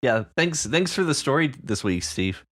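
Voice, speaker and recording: Woman, very deep voice, swooping lively pitch, wry deadpan co-host, dry mic. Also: moderate pace. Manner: wry, deadpan quips between laughs. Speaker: podcast co-host. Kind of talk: casual chat.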